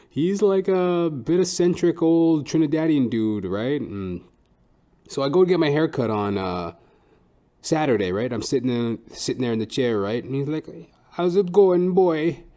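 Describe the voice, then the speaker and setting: A man's voice: medium pitch, normal speed, warm tone. A man hosting a podcast, telling a comic story in a crude, profane, rambling way. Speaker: podcast host.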